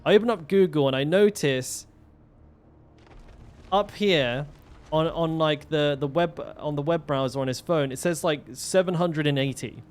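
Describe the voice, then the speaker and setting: Chatting casually as he plays, this young streamer drifts through stories full of curse words, filler sounds, and false starts. He speaks at a moderate pace in a slightly high voice.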